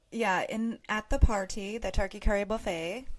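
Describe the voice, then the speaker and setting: An American woman co-hosting a casual movie-review podcast, relaxed and a little hesitant. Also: medium pitch. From United States. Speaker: podcast co-host.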